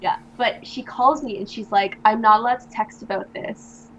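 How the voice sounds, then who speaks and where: A woman's voice: a little high, fairly even intonation, moderate pace, a bit bright, muffled recording. A young woman guest in an interview, chatting casually and telling stories with many fillers. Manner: chatty storyteller, lots of likes and ums.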